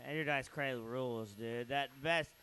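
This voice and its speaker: Rowdy, tipsy open mic host. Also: male voice, medium pitch, measured pace, clear, resonant tone. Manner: rowdy, joking, hypes up the crowd, shouts bits. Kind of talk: emceeing a comedy night.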